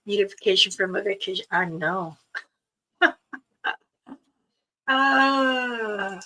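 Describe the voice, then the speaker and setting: A woman of medium pitch, whose voice sounds pushed and bright, hosts a casual livestream where she chats about a trip, laughs a lot, and reads viewer comments aloud. The recording from her streaming setup is low quality.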